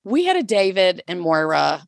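A woman co-hosting a podcast in casual chat, chatty and quick to tease her co-host. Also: lowish voice, very animated, creaky, dry recording, studio quality.

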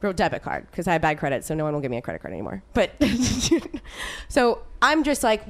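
A woman's voice: medium pitch, lively intonation, brisk, gravelly. A woman co-hosting a podcast, telling a story in casual chat, full of "like" and frequent swearing. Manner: chatty storytelling, swears freely, lots of "like". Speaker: podcast co-host.

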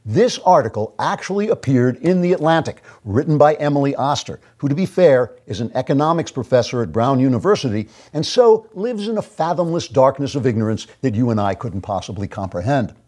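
A man's voice: medium pitch, sing-song, brisk, few pauses, darkish tone. A man hosting his own show, delivering a sarcastic, mock-grandiose commentary monologue. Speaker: host.

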